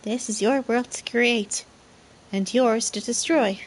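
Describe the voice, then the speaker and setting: A woman voicing a solemn, beckoning disembodied voice that speaks slowly and quietly. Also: a little high.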